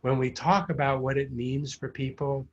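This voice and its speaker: Husky-voiced mayor over muffled audio. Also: male voice, medium pitch, flat delivery. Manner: earnest, deliberate, repeats words as he builds a point. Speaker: city mayor. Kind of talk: public forum remarks. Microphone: video call. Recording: muffled video-call audio.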